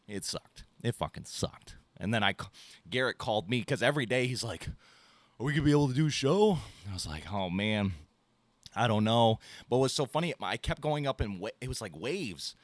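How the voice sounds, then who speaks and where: A man with a fairly low voice tells a story in a casual, profane way, playing out both sides of his phone calls as he goes. The sound is dry and close, with no room around it. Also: expressive, moderate pace, a bit bright, dry recording. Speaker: podcast host.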